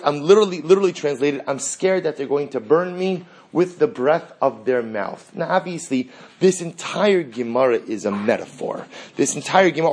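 A man teaching a Talmud class in an animated way, acting out the exchanges he reads and asking rhetorical questions. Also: a little high.

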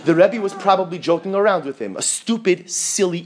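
A man, a rabbi, giving an animated Torah class full of rhetorical questions and Hebrew terms. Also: sits high, fairly quick, few pauses, a little hiss or hum. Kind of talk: sermon-style Torah class.

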